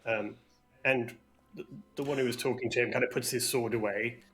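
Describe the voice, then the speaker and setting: A man's voice: mid-range voice, fairly even intonation, normal speed, fairly bright tone, faint music behind. Casual man narrating as game master. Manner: casual, hesitant, many fillers.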